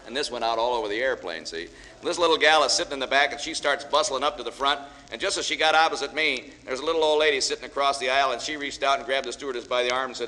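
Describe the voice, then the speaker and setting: Talking fast in a bright, forceful medium-pitched voice, this after-dinner guest speaker delivers a humorous speech full of folksy jokes and tales. He's a storyteller kidding around with his audience in a big banquet hall, captured with an echoey sound and light hiss.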